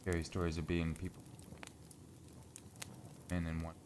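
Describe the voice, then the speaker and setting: Deep-voiced laid-back male streamer. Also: monotone, measured pace, a little hiss or hum. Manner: laid-back, joking, swears casually. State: stuffy from sinus trouble. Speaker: live streamer. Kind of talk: casual stream chat. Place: closet at home.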